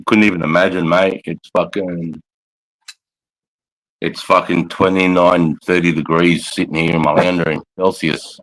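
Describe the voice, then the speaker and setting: Very deep-voiced profane Australian man. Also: level tone, unhurried, fairly bright tone, rough recording. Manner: blunt and profane, says "mate" constantly. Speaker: army veteran co-host. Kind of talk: casual chat. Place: lounge room at home.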